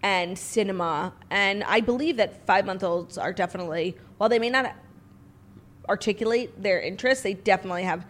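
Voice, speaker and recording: A woman's voice: medium pitch, a little fast. A young adult woman co-hosting a comedy podcast, joking in mock-royal role-play with lots of "like" fillers. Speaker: podcast co-host.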